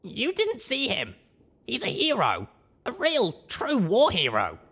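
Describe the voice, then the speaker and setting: A man reading aloud, voicing an eager young female unicorn adventurer who talks in an excitable, earnest way. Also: sits high, moderate pace, gravelly, breathy edge, pitched above the performer's own voice, full character voice. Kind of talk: audiobook reading.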